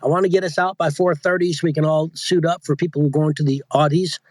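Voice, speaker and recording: A man with a fairly high voice chats loosely as an interview guest, restarting his thoughts and circling back as he explains. The sound is dry and close, with no room around it. He comes across as an audiobook narrator and coach talking shop. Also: fairly even intonation, quick pace, no room sound. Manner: rambling, self-interrupting, chatty. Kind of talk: casual interview chat.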